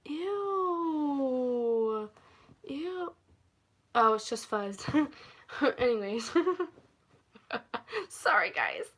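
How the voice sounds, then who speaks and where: A young woman with a somewhat high voice chats through a storytime vlog into her phone at home. She rambles, drifts off topic and laughs often as she talks. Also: animated, extremely slow, pauses often. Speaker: vlogger. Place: at home, indoors.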